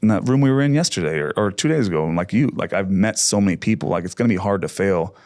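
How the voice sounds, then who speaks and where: A man's voice: sits low, expressive, quick pace, darkish tone, no echo. A man in his thirties, a podcast guest, talking candidly and with feeling, swearing freely as he rambles through stories. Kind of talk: casual podcast conversation.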